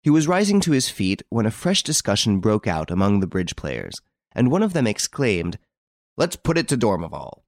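Lively low-voiced male audiobook narrator. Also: moderate pace, no echo, studio quality. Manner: expressive, lively storytelling.

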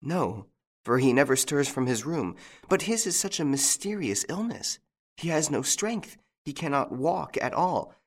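A man's voice: lowish voice, big pitch swings, normal speed, a bit bright, voice pushed up. A man voicing a frightened young French lady. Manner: anxious, breathless and pleading. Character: frightened young French woman of a country estate.

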